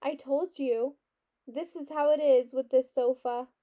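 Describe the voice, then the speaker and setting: A woman reading as a calm, kindly doctor. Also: sits high, measured pace. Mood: soothing. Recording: dull lo-fi recording.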